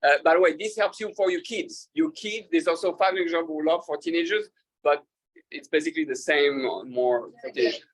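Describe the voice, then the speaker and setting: Halting, joking rabbi speaking to a group. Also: male voice, fairly high pitch, rough recording. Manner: halting, with many fillers and restarts; laughs at his own jokes. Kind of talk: casual talk to an audience.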